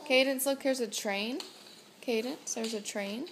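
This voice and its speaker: A woman's voice: on the high side, unhurried, a little hiss or hum. A young mother filming at home, coaxing her toddlers in a sing-song baby-talk voice. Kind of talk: home video, talking to small children. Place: living room at home.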